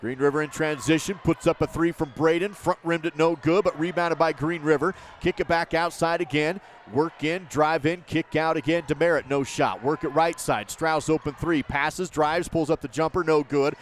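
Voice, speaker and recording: A man calling high school basketball play by play, describing each pass, drive and shot in a rapid running commentary. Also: fairly even intonation, slight background noise. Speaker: play-by-play announcer.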